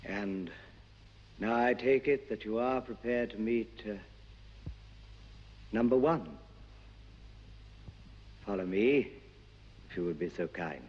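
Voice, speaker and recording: A man's voice: on the low side, slow pace, pauses often, slightly rough. An actor playing a formal, deferential male attendant in a 1960s TV drama. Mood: courteous. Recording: dull old TV audio in a hall.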